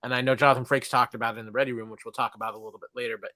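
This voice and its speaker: A man's voice: mid-range voice, flat delivery, rapid-fire, pushed and bright, no echo. A man in a casual podcast discussion, earnest and full of praise.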